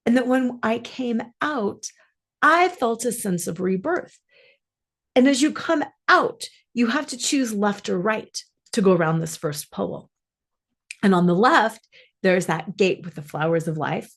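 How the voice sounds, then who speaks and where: A woman's voice: mid-range voice, animated, measured pace. Lady coach telling a personal story, earnest, musing, drags out some words. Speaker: life coach and podcast host.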